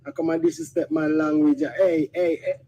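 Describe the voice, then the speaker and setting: A woman's voice: lowish voice, big pitch swings, fairly quick, creaky, mellow, dull audio, slight background noise. A woman with a Jamaican accent ranting angrily in patois in a played video clip, full of insults and swearing.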